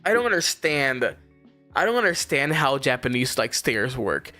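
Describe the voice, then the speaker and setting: A young man in his twenties hosting a casual chat, reacting with laughter and quick remarks. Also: medium pitch, big pitch swings, sharp tone, dry recording, faint music behind. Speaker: host.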